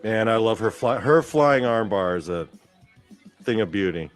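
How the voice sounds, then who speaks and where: Low-voiced man swearing through wrestling footage. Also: moderate pace, soft background music. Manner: profane, rambling, excitable. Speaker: host. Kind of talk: casual commentary over wrestling footage.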